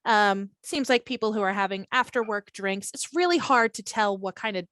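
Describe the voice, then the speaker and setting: A woman's voice: mid-range voice, normal speed, a bit bright, no echo. A woman running a tabletop game as game master, narrating in a casual, rambling way with fillers.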